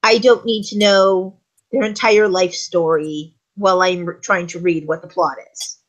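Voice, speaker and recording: A woman's voice: lowish voice, steady tone, unhurried, rough recording. A woman co-hosting a casual talk show, explaining at length and acting out short script examples. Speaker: co-host.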